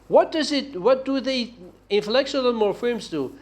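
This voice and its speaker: A man giving a university linguistics lecture, talking haltingly and often checking in with "okay?". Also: extremely high pitch, lively intonation, darkish tone. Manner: slow, halting delivery with frequent "okay?" checks and restarts.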